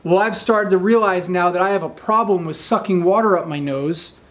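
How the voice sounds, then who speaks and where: A man in his thirties telling a story in casual talk, animated and often checking in with his listeners. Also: high-pitched, normal speed. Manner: animated, addresses listeners with "right?" and "okay?". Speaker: speaker telling a training story.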